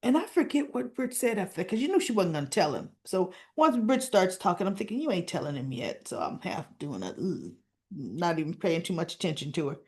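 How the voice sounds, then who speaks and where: A woman's voice: on the low side, sing-song, brisk, few pauses, a little mellow. A woman hosting a casual soap opera recap, retelling scenes with "he says, she goes" and chatty asides to her viewers.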